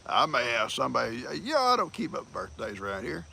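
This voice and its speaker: Gravelly folksy older man. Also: mid-range voice, huge pitch swings, fairly quick, bright, forceful tone, a little hiss or hum. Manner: folksy, teasing, laughs often. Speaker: livestream host. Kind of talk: casual livestream chat with viewers.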